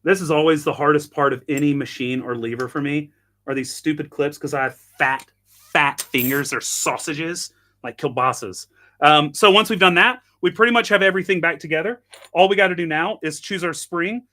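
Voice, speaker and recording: Man, fairly high voice, bright and forceful, casual live demo, chatty, self-deprecating. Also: normal speed. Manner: chatty, self-deprecating, thinks aloud while tinkering. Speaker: host.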